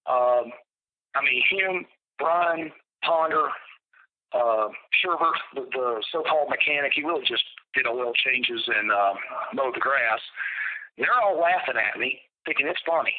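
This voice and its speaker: Blunt man on a phone line. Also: mid-range voice. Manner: blunt and profane, with halting restarts. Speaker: interview guest. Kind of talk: recounting a personal story in an interview.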